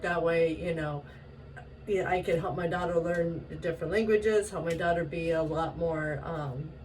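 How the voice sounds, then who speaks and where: A woman from Washington state telling a story in a casual, animated way, laughing often and acting out the voices she quotes. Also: low-pitched. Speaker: vlogger. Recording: distant mic with faint ambient noise.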